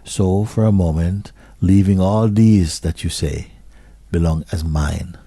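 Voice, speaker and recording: A man speaks as a spiritual teacher to an audience in a low, husky voice. He talks slowly and questioningly, repeating short phrases and sometimes sinking to a near-whisper. The sound is dry and close. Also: warm tone, no room sound.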